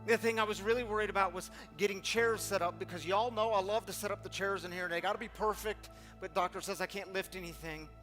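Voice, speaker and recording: A man's voice: high voice, fairly even intonation, quick pace, few pauses, music in the background. Earnest man giving a recovery talk. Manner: earnest, acts out pleading quotes with rising intensity. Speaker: recovery community leader. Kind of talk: motivational talk to a recovery group.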